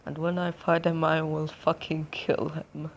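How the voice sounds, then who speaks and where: A vulgar young male death god read out by a woman in a homemade fan story. His low voice drags along, slow and gravelly, and he sneers and threatens everyone around him. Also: level tone, slight background noise, rough recording. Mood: menacing.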